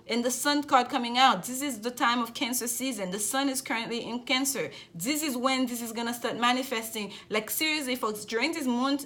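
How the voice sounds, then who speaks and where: Bright-voiced woman reading tarot. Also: a little high. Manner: effusive, repeats phrases, frequent "okay?". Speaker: tarot reader.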